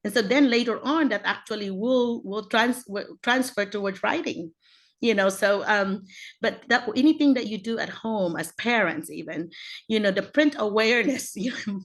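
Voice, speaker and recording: A woman leading a teacher-training roundtable on a video call, talking in a lively way and often laughing. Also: moderate pace. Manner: animated, acts out teaching voices with big pitch jumps and frequent laughs.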